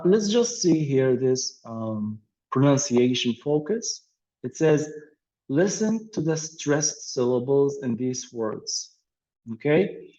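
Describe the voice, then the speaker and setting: A man's voice: medium pitch, darkish tone. A man teaching an English pronunciation and vocabulary lesson, patient, with many fillers and repeated words. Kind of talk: explaining a language lesson. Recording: dull lo-fi audio.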